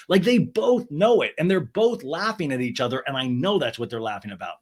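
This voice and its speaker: A man hosting a podcast, recapping a reality show in an animated, gossipy and profane way. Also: fairly high pitch, fairly quick, few pauses. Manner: animated, gossipy, swears and laughs often. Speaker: podcast host.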